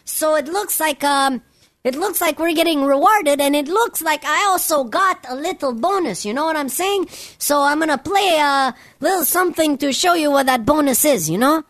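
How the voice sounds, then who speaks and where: This is a woman with a high voice who hosts the news on live radio. She talks loosely and rambles, swears in nearly every phrase, and keeps tossing in "you know". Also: expressive, moderate pace, a bit bright. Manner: rambling and heavily profane, constant "you know". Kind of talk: profane off-the-cuff radio rant.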